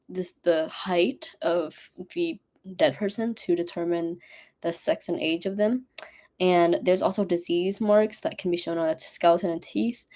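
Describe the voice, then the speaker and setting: Rambling young woman, mellow low voice. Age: young adult. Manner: rambling, chatty, self-mocking. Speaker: college student streamer. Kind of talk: casual study stream.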